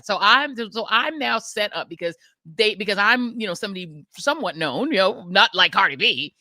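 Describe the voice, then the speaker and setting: A middle-aged American woman hosting a podcast, telling a story in lively casual chat and acting out the people she quotes. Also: medium pitch, normal speed, dry recording. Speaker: podcast host.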